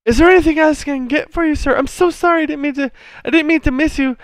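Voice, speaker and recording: A man's voice: very high voice, fairly even intonation, fast, no room sound, studio quality, pitched above the performer's own voice. A man squealing as a panicked barmaid. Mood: frantic apologetic. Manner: flustered, over-apologetic, squealing. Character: frantic apologetic young barmaid, female.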